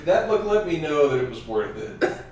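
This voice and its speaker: A man with a middle-pitched voice tosses out crude, deadpan jokes in casual podcast talk. He sits back from the mic, so the voice sounds distant and very roomy, with a faint hiss. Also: normal speed. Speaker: podcast co-host.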